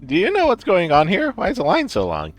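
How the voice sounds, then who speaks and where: A man's voice: high-pitched, huge pitch swings, brisk, soft background music, exaggerated voice. A man voicing an easygoing walker guy. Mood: curious. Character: friendly male townsperson who loves walking.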